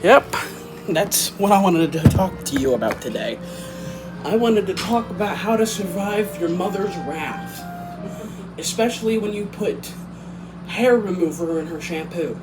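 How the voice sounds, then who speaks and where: A young man rambles through a goofy home vlog, giggling between silly jokes. His pitch swings widely while he keeps an unhurried pace. Music plays clearly behind him. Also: expressive, roomy sound, rough recording. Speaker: vlogger. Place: home during a storm.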